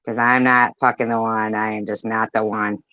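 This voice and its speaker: A woman with a very deep voice gives a profane, defiant commentary, repeating her points. Her voice is dry and close, with no room sound. The audio is dull and muffled. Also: level tone, moderate pace, bright, forceful tone, no echo. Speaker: commentary channel host. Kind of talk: angry commentary over played clips.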